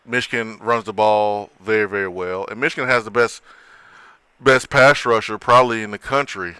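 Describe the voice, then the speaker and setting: A man's voice: on the low side, steady tone, moderate pace, bright, forceful tone, clear, resonant tone, no room sound. A man hosting a casual sports talk show, chatting with a co-host, often repeating and restarting his words.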